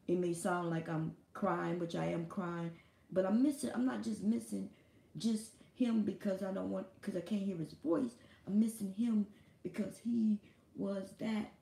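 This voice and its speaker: A woman's voice: mid-range voice, vocal fry, dark tone, echoey room. A woman hosting a live stream, talking in a casual, blunt and profane monologue.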